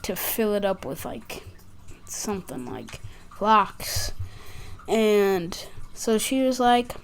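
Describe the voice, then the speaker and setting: Young girl, unhurried rambling storyteller, faint hiss behind. Casual vlog read. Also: mid-range voice. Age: child. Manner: rambling, fills with "like", acts out quotes. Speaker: gaming channel creator.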